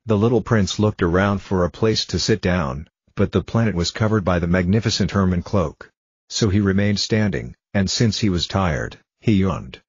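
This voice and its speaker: Male storybook reader, calm and measured, deep husky voice, dull dry lo-fi recording. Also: dry recording. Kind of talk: reading a storybook aloud for English learners.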